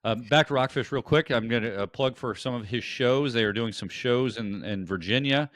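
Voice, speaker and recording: A man's voice: mid-range voice, normal speed, fairly bright tone, no echo, studio quality. A man hosting a podcast, chatting casually and rambling through plugs and introductions. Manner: rambling with frequent fillers and restarts. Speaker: podcast host.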